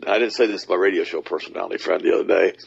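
A man hosting a talk radio show, speaking emphatically and mocking others in high put-on voices. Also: fairly even intonation, very fast, vocal fry, husky. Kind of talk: animated talk radio monologue. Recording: dull lo-fi audio.

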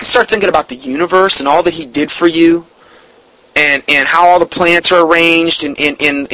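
A man preaching a sermon in an earnest, emphatic way, slowing down to read scripture and definitions, and openly emotional about his subject. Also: on the high side, sharp tone, no echo, poor audio.

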